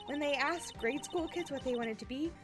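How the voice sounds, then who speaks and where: A woman voicing an excitable, cheerful teenage girl while reading game dialogue aloud, over game music. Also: high voice, normal speed, voice pushed up, close to an everyday voice. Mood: excited. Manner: bubbly, squealing when excited.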